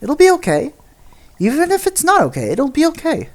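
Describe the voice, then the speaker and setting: A woman's voice: huge pitch swings, fairly quick, exaggerated voice. Woman doing a chipper young game hero. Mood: upbeat. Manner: bright, upbeat, higher voice. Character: cheerful young hero, encouraging. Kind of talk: reading game dialogue aloud.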